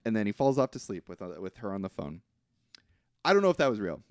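A man co-hosting a podcast, casually recapping a film in an animated way, acting out quotes and often hedging. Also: fairly low pitch, fast, smooth, no echo, studio quality. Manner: animated retelling with acted-out quotes, frequent hedging. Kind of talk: casual chat.

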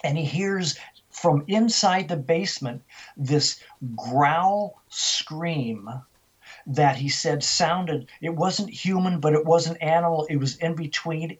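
An older man, a guest on an interview show, telling vivid stories and acting out the dialogue. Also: on the high side. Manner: vivid storyteller who acts out dialogue. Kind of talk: storytelling interview.

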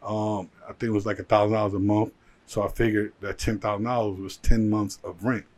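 A man with a low voice, a guest in a casual interview, recounting his rise in business. He tells it in an animated way, with lots of "like" fillers. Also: fairly quick. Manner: animated storyteller with many "like" fillers. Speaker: guest, jeweler and entrepreneur.

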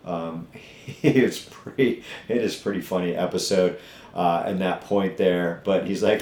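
A deep, darkish voice belongs to a middle-aged gym owner running a casual podcast, and he speaks a little slowly. His delivery is blunt, profane and fiercely motivational, and the room echoes.

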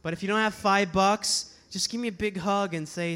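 A man, a touring slam poet, telling a comic story live on stage, animated and casually profane. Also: sits high, normal speed, smooth. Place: poetry slam venue, live audience.

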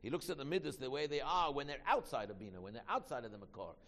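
Fast gravelly man teaching in a hall. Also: medium pitch, animated, a bit bright. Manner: quick, repetitive, with many restarts. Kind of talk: Torah class teaching.

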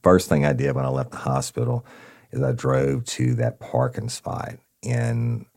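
A man's voice: deep voice, big pitch swings, a little slow, creaky, darkish tone. A man telling an old police case to listeners, blunt and profane, acting out both sides of the conversations. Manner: blunt, profane, addresses listeners as y'all, acts out dialogue. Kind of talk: casual storytelling to an audience.

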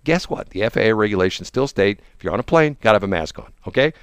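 A man's voice: lively intonation, fast, smooth, no echo. A man in casual political chat, mocking and laughing often as he tells a story. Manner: chatty, mocking, laughs often, mimics people in high voices. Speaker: co-host.

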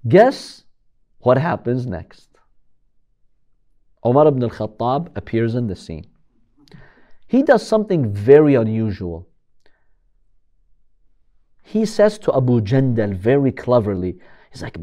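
Animated male religious storyteller. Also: medium pitch, takes it slowly, long pauses, lo-fi sound. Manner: animated, dramatic, rhetorical questions. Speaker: religious history lecturer.

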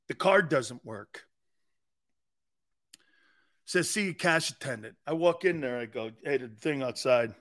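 Brash, bright-voiced sports talk host. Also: male voice, on the high side. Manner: brash, joking storyteller, acts out quotes. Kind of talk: animated sports radio monologue.

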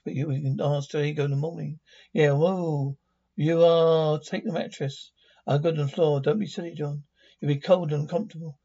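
Husky man stumbling through a read-along. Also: fairly high pitch, dark tone. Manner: stumbling over words, reading sound cues aloud. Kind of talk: amateur read-along of a TV episode. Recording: dull lo-fi recording.

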